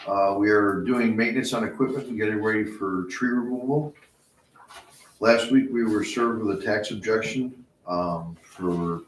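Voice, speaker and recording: A man giving a highway department report at a township board meeting, plain and matter-of-fact with frequent hesitations. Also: fairly bright tone, a little hiss or hum. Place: indoor township meeting room. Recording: echoey meeting room, mic far off.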